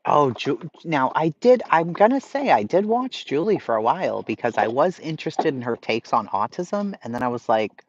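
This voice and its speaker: A man's voice: on the high side, sing-song, normal speed, few pauses, slight background noise. Blunt, profane Boston man ranting. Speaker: livestream host reading chat. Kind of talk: casual chat. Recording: slightly lo-fi stream audio.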